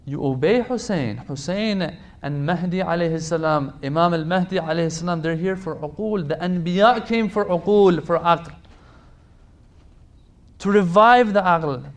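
A man's voice: on the high side, unhurried. A man giving a religious lecture to a congregation, emphatic, repeating phrases for stress and pleading directly with his listeners.

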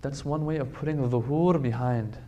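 A man's voice: medium pitch, normal speed, dark tone, dull audio, slight background noise. A man giving a religious lecture to a congregation, emphatic, repeating phrases for stress and pleading directly with his listeners.

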